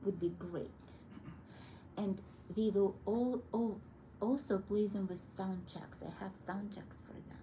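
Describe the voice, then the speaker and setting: A woman teaching a young child piano, gently coaxing and encouraging her through each step. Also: mid-range voice, measured pace, slight background noise, rough recording. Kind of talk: one-on-one children's piano lesson. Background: piano playing.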